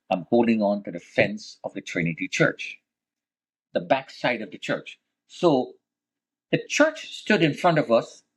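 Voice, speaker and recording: A man with a husky, slightly raspy voice tells his own survival story as a guest. He swings from hushed, low passages to sudden loud bursts. He speaks with deep religious conviction. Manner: vivid, dramatic retelling that swings between hushed and loud. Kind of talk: emotional first-person storytelling.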